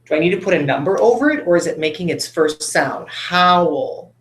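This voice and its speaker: A man's voice: fairly high pitch, animated, normal speed, a bit bright, echoey room. A male teacher giving a patient phonics lesson to children, coaxing them along with tag questions.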